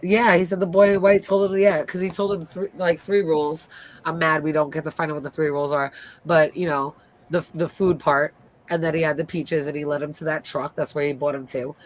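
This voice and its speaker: A woman hosting a casual live recap, retelling scenes in an animated way and acting out the characters' lines. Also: deep voice, fairly quick. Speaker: host.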